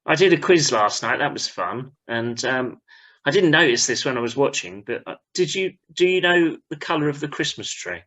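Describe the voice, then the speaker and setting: A man's voice: medium pitch, lively intonation, moderate pace, fairly bright tone. A man hosting a podcast in casual chat, upbeat and prompting the others to speak. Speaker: podcast host.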